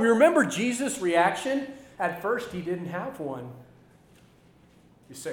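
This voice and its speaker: High-voiced male preacher in an echoey hall. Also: lively intonation, moderate pace. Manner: earnest, swings between loud emphasis and quiet asides. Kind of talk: sermon.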